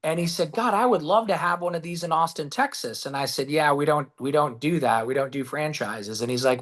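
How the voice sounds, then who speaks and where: A man being interviewed as a guest, telling stories in a lively, casual way, acting out quotes and swearing freely. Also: medium pitch, brisk. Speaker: guest, business founder. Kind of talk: storytelling in a podcast interview.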